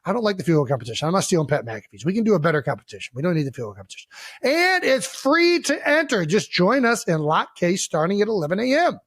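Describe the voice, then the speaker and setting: Excitable podcast guy from ohio, high voice bouncing all over, cusses a lot. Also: very fast, hardly any pauses, slightly rough, no echo. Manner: boisterous, swears freely, excitable. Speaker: podcast co-host. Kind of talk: casual podcast chat.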